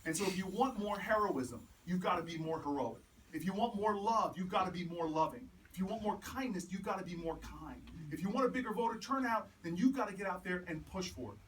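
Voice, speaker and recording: A man giving a campaign speech with personal stories, an animated storyteller who builds to repeated rallying refrains. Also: high voice, brisk, few pauses. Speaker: politician. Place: house party in a home. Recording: distant mic with room noise.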